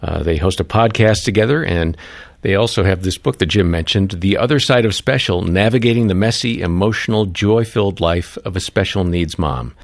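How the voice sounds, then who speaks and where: A man announcing guests with a steady, plain read-out introduction. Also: sits low, a little fast, vocal fry, dry recording.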